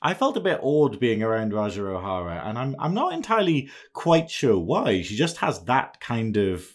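A man's voice: mid-range voice, sing-song, normal speed. Bubbly playful podcast interviewer man. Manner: playful, bubbly, laughs often. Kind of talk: casual podcast chat.

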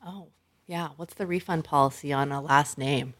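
A woman co-hosting an advice podcast, animated and frank, laughing often and swearing casually. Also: low-pitched, normal speed. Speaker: podcast co-host.

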